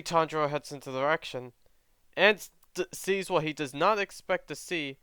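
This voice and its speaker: A man's voice: on the high side, fairly bright tone, smooth, no room sound, clean studio sound. A man casually narrating a fan story, chatty and self-correcting with side comments.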